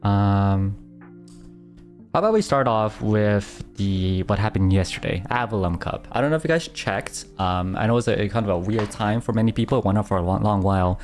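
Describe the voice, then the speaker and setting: A young man streaming as a VTuber, telling stories in a casual chat with lots of fillers and bursts of excitement. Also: fairly low pitch, a little fast, faint music behind. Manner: excitable storytelling, bursting into laughter, many fillers.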